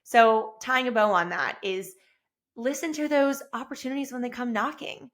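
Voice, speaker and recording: Enthusiastic woman podcaster, bright high voice. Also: moderate pace. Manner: enthusiastic, effusive, rising to excited bursts. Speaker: podcast host. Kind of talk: casual solo podcast monologue. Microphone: self-recorded with camera.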